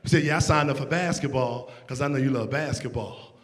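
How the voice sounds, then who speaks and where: A middle-aged man doing stand-up comedy, telling a profane, exasperated story with loud outbursts. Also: medium pitch, fairly quick. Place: comedy stage before a live audience. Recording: live stage mic with audience noise.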